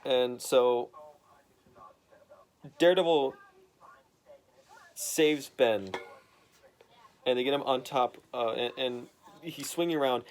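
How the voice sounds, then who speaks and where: A man casually recapping a comic book story, rambling with lots of fillers and swearing. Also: medium pitch.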